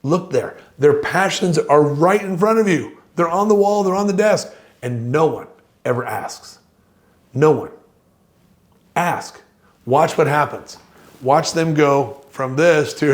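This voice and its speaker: Animated man telling a teaching story. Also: fairly high pitch, a little slow. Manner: animated storyteller, acts out dialogue. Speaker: course presenter. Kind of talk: motivational storytelling lesson.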